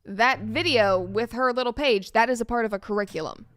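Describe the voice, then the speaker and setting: A woman's voice: on the high side, brisk, fairly bright tone, no echo. A woman commentator in a played video, making an earnest, emphatic argument. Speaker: political commentator.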